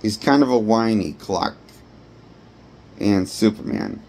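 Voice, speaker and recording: A man's voice: on the low side, lively intonation, takes it slowly, creaky, darkish tone. A man giving a rambling, blunt and profane movie review. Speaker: movie critic. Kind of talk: ranting film review.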